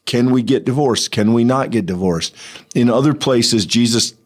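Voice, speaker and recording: A man co-hosting a Bible study, laying out his points in a measured, step-by-step way. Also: mid-range voice. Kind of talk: conversational Bible study discussion.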